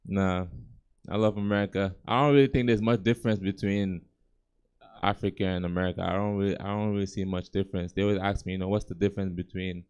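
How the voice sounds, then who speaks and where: A young man from Gambia performs stand-up at a comedy club, talking in a relaxed, conversational way. His voice sits on the lower side and sounds smooth and resonant through a handheld stage mic. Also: fast talker, lo-fi sound. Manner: laid-back, conversational, chuckling at own jokes.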